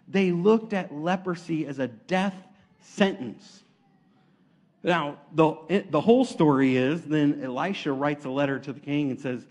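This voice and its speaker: High-voiced man preaching a sermon. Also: measured pace. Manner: lively storytelling, acting out quotes, casual.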